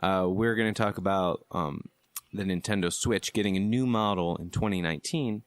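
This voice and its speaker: A young man co-hosts a gaming podcast, chatting casually in an easygoing, rambling way as he walks through the show's segments. He has a low voice, speaks at a moderate pace, and there is no echo.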